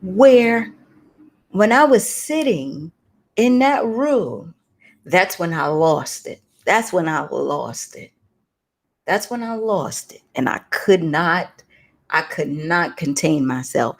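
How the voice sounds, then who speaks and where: A woman's voice: on the low side, animated, takes it slowly. A woman hosting a talk, telling a personal story with emotion and preacher-like emphasis. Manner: emotional, preacherly storytelling addressing listeners as y'all. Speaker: host.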